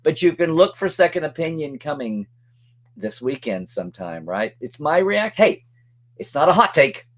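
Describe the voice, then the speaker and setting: Guy hosting his web show, chatty and upbeat, pitch bouncing all over the place. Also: big pitch swings, moderate pace. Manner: chatty, upbeat, reads out supporter shout-outs. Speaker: show host. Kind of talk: casual web show chat.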